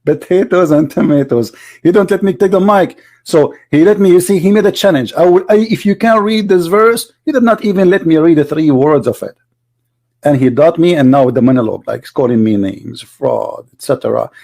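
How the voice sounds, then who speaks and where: A man's voice: fairly high pitch, brisk, vocal fry, mellow. Mocking man arguing over a debate clip. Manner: mocking, argumentative, talks at the viewer. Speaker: commentator replaying a debate. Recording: lo-fi online voice chat.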